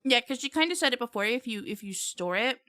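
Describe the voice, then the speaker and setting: A woman chats casually on her live stream, laughing often and talking between bites of food. Her voice is bright and a bit sharp. The sound is dry and close, with no room echo. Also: on the high side, expressive, fast. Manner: chatty, laughs often, talks while eating.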